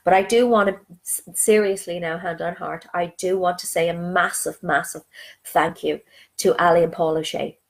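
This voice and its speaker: A woman's voice: on the low side, fairly even intonation, moderate pace. A middle-aged woman talking casually on a live video stream as a spiritual speaker. She greets viewers by name, reads their comments aloud, and speaks in a reassuring way, sometimes dropping to a near-whisper. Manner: soothing and reassuring, drops to soft near-whispers.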